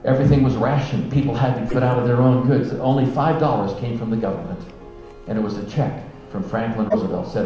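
A man telling a long story as part of a sermon, earnest and dropping to a hush at the most moving points. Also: medium pitch, fairly even intonation, fairly quick. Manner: earnest storyteller, softening to a hush at emotional peaks. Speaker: speaker. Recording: dull echoey hall with music.

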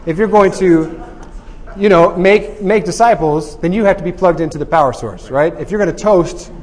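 A man teaching a Bible study group in a lively, joking way, often checking in with "right?". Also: high-pitched, normal speed, long reverb tail.

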